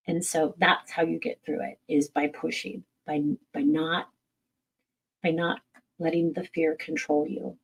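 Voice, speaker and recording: A middle-aged woman, a medium, chats through viewer questions in a frank, unpolished way, cursing casually and poking fun at herself. Her voice sits a little low, with a gravelly edge and a husky texture. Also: flat delivery, measured pace, low-quality recording. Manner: candid, blunt, swears casually, laughs at herself. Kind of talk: casual live-stream Q&A.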